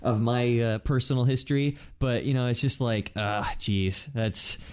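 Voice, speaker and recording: A man hosts a casual podcast, rambling along with frequent restarts and fillers. His voice sits at an ordinary pitch for a man. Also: measured pace. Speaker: podcast host. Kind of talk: casual chat.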